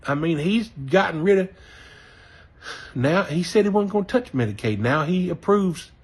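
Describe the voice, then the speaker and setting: Angry, husky Southern American man. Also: on the high side. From Southern United States. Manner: cursing heatedly, folksy, apologizing for language. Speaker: voter sharing his view. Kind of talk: angry personal rant.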